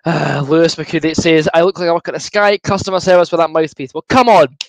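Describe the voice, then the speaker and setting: A man's voice: on the high side, fairly even intonation, brisk, no echo, poor audio. A young Scottish man hosting a football watchalong stream, reading out viewer comments and answering them in a chatty, good-humoured way while feeling a bit queasy from fizzy juice. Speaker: livestream host.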